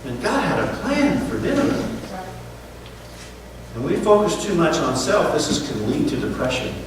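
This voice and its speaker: A man preaching a sermon as pastor, animated, who keeps checking in with the congregation with "okay?" and "right?". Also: fairly high pitch, normal speed, background noise. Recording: echoey hall, voice from far off.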